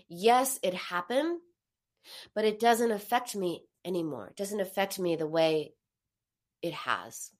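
A woman answering viewer questions in a live talk, explaining thoughtfully and restarting phrases as she searches for words. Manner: animated, acts out inner voices with big pitch jumps.

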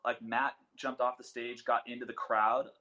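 A man's voice: medium pitch, flat delivery, moderate pace, sharp tone. A man in a band, guesting on a casual chat, enthusiastic and using "like" a lot.

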